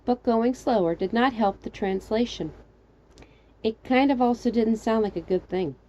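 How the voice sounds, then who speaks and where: A woman narrating her own comedic fan fiction story in a wry, animated way. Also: lo-fi sound. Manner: wry, animated, jumping high for quoted lines.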